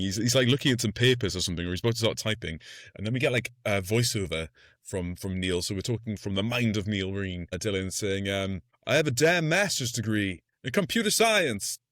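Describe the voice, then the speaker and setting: A man's voice: sits low, no room sound, studio quality. A man co-hosting a podcast, retelling a film scene by scene in casual, laughing chat. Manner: laughing, animated retelling with acted-out quotes. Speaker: podcast co-host.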